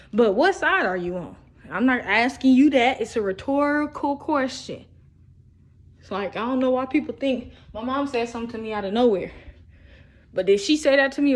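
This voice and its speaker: A young woman, talking in a rambling, profane monologue for a posted video. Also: on the high side. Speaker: vlogger. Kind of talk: casual recorded video monologue.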